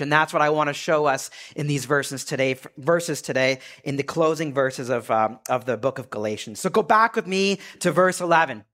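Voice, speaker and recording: A man preaching a sermon to his congregation, earnest, rising for emphasis and dropping low and quiet. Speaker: pastor.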